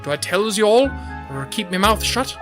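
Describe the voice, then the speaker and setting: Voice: medium pitch, very animated, normal speed, pitched above the performer's own voice, natural voice. A streamer voicing a boastful middle-aged Irish witness with a put-on Irish brogue and folksy turns of phrase. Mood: blustering. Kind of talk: reading game dialogue aloud on stream. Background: game music.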